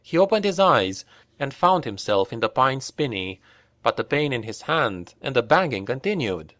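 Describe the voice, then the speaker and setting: A man narrating a dark fantasy audiobook at a steady, measured pace, in a voice of middle pitch. The recording is dry and close, with no room echo.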